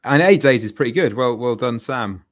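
A man's voice: mid-range voice, lively intonation, moderate pace, no echo, studio quality. A man chatting on a podcast, wry and teasing. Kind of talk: casual podcast chat.

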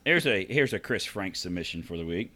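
A man's voice: low-pitched, animated, brisk, bright, forceful tone. A man with a rural American accent hosting a casual, crude podcast, reading news stories aloud and teasing his co-hosts with quiz questions. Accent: rural American (self-described redneck). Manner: laughs often, reads stories aloud, teasing quizzes.

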